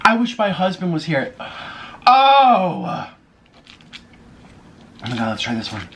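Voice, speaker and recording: A man's voice: a little high, huge pitch swings, slow pace, creaky, fairly bright tone, a little hiss or hum. A man doing a casual eating vlog as a YouTuber, gushing and exclaiming over his food between bites, indoors by a window. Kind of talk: mukbang eating vlog chatter. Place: indoors by a window in a city apartment.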